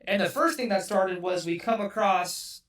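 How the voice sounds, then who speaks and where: A man's voice: high voice, moderate pace, a bit bright, distant mic. A man from California telling a story as a podcast guest, loose and rambling, swearing often and filling every gap with "like". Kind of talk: casual storytelling.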